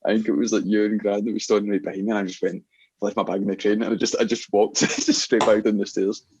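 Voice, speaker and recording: A young man with an Ayrshire Scottish accent telling laughing, animated stories in casual podcast chat. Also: fairly low pitch, fast, background noise. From Scotland. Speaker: podcast guest, DJ.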